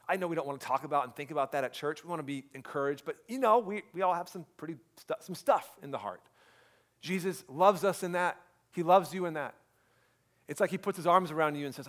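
A man in his thirties preaching a sermon as pastor, earnest and dropping to a hushed voice for emphasis. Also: on the high side, a little fast.

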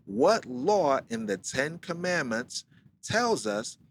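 Guy with doing a bible study stream, reads verses slow then breaks it down in slang, faint rumble behind. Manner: reads scripture slowly, then explains in lively slang. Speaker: Bible teacher.

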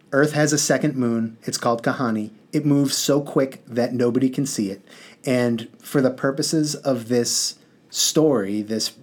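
A male teacher reading a storybook aloud to a class, with chatty, lightly humorous asides. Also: mid-range voice.

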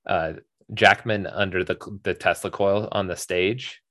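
A man's voice: low voice, steady tone, unhurried, sharp tone, dry recording, clean studio sound. A man co-hosting a movie podcast in casual chat, rambling with lots of fillers and restarts. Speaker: podcast co-host.

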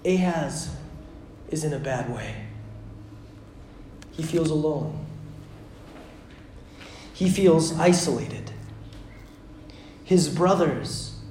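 Echoey, high-voiced man preaching. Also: animated, very slow, long pauses, slight background noise. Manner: dramatic swings from loud to hushed. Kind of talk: sermon.

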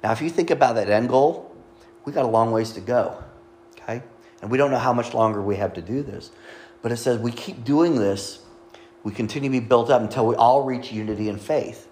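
A man's voice: medium pitch, darkish tone, slight background noise. A middle-aged man, a pastor, preaching a sermon in a conversational way, reading scripture and joking with the congregation.

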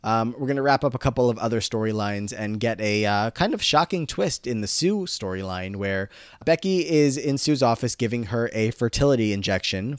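A man's voice: mid-range voice, clean tone, no echo, studio quality. A man co-hosting a podcast, casually recapping a TV episode with plenty of fillers. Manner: relaxed, filler-heavy storytelling. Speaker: podcast co-host.

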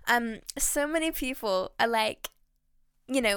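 Excitable woman with a high voice. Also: measured pace, clean tone, no room sound, studio quality. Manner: excitable and heartfelt, rambling. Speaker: podcast host. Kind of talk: faith podcast monologue.

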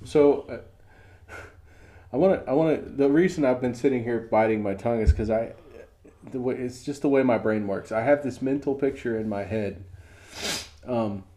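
A man's voice: medium pitch, normal speed, long pauses. A middle-aged man co-hosting a casual podcast, telling an example story and acting out the quotes. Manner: storytelling with lively acted-out quotes. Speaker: podcast co-host.

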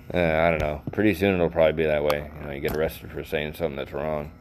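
A man's voice: a bass voice, a little hiss or hum. A middle-aged man hosting a solo podcast, rambling goofily and laughing at his own jokes, sounding tired and worn out. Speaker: podcast host.

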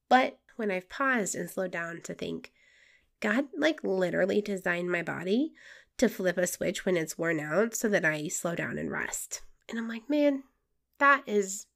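A woman's voice: on the low side, vocal fry. A woman hosting a faith-based podcast, talking in a friendly, earnest way, her voice nasal from a cold. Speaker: podcast host.

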